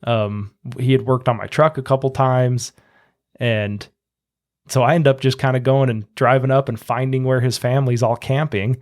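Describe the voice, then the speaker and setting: A man's voice: mid-range voice, fairly even intonation, normal speed. A man hosting a podcast, telling a long story casually and acting out what others said. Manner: chatty, acts out quotes in a raised voice. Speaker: podcast host.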